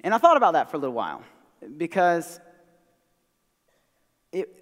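A hoarse man in his thirties with a Southern American accent, preaching a sermon in a conversational, self-deprecating way. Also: fairly high pitch, huge pitch swings, moderate pace, a bit bright, long reverb tail. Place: church sanctuary.

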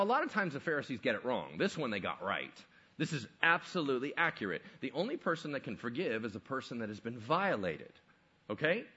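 Husky, animated male preacher. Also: on the high side, highs cut off. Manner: conversational, emphatic preaching. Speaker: pastor. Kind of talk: sermon.

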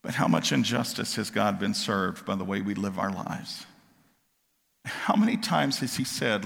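Male preacher, bright and forceful, moving between soft asides and loud fervent questions, hall reverb. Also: lowish voice, sing-song, measured pace, vocal fry. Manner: swings from quiet asides to loud impassioned preaching. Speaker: pastor. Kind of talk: sermon.

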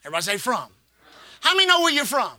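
A man's voice: extremely high pitch, wildly swooping pitch, very fast, sharp tone, dry recording. A man preaching a sermon as pastor, repeating phrases and calling the congregation to respond. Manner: preaching with call-and-response and repetition.

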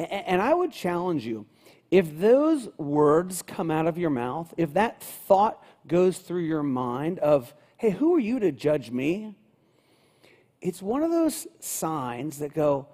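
Male pastor, conversational sermon delivery, mellow and fairly high voice. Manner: conversational preaching, acts out David's lines.

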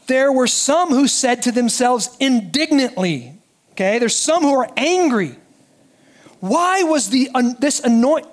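Male pastor, very high voice, lively sermon delivery that drops to hushed emphasis. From United States. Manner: animated preaching, dropping soft for emphasis.

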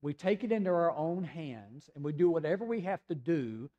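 A man from the United States preaching a sermon in a conversational storytelling way, sometimes dropping to a soft, hushed voice. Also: on the high side, sing-song, moderate pace, lo-fi sound. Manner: conversational storytelling, acting out voices of people in the scripture passage; drops to a soft, hushed voice in tender passages. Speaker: pastor.

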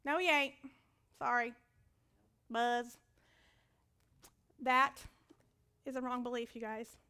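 A woman preaching with a high, bright voice. She tells her stories in an animated way, acting out other people's voices. Loud commands alternate with hushed, whispered asides. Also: takes it slowly, smooth. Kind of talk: sermon.

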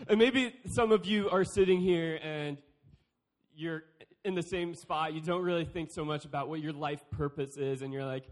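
High-voiced playful young man speaker. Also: moderate pace. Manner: playful, joking, acts out quotes. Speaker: youth speaker. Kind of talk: youth sermon talk.

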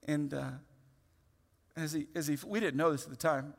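A man in his thirties preaching a sermon, telling a personal story in a lively, open way with many restarts. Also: fairly high pitch, normal speed, vocal fry. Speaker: pastor. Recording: long hall reverb.

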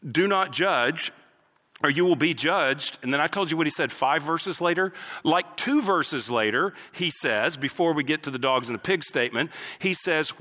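Guy preaching a sermon, bright voice, bouncy animated delivery, big hall reverb. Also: on the high side. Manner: animated preaching with acted-out asides. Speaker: pastor.

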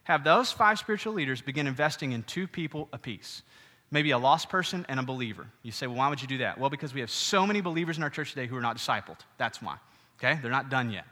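A middle-aged man giving a sermon as pastor, conversational and animated, with frequent asides to the congregation. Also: mid-range voice, fast. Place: church hall. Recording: reverberant church hall.

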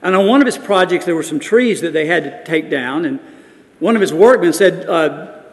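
Pastor preaching in a hall. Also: male voice, on the high side, lively intonation, normal speed. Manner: storytelling, builds to emphatic peaks. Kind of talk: sermon.

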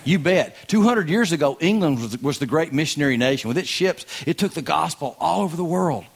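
A man's voice: on the high side, lively intonation, a little fast, vocal fry, slightly rough. A man with a Southern US accent, a guest speaker giving a sermon in a folksy, joking and emphatic way. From American South.

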